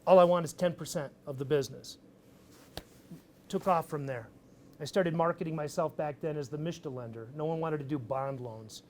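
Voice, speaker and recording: A man giving a casual, energetic talk to an audience at a live event, swearing freely as he tells his story. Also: a little high, normal speed, a little hiss or hum. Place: event stage.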